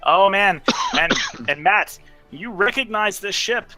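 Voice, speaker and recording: A man narrating as game master of a tabletop game, excitable and quick to exclaim. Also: high voice, faint music behind, low-quality recording.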